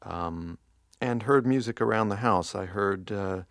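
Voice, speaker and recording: A man with a very low voice and a gravelly edge talks quietly in an interview, often restarting his sentences. He is from New Jersey. The sound is dry and close. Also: unhurried, no room sound. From Montclair, New Jersey. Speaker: guest musician. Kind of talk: casual interview chat.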